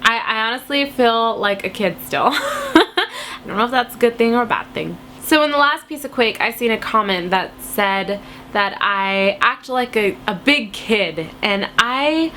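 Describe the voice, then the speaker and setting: A woman's voice: fairly high pitch, sing-song, measured pace, sharp tone, a little hiss or hum. A woman in her twenties with a cold, chatting casually to camera as she answers viewer questions in a silly, playful way. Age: 20s. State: has a cold.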